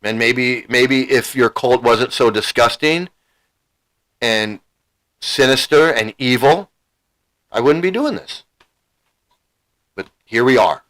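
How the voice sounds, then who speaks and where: A middle-aged man hosting his own stream, talking heatedly and emotionally. He repeats himself as he vents and swears freely. His voice sits at an ordinary middle pitch. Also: slow, pauses often, a bit bright, low-quality recording. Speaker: channel host. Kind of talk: angry livestream rant.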